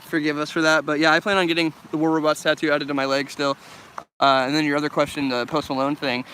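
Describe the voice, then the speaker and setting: Laid-back young man with a bright voice. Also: a little high, slight background noise. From United States. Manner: laid-back, swears often, laughs a lot. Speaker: vlogger answering live chat. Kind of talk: casual live-stream chat while walking. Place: outdoors in a forest by a loud river.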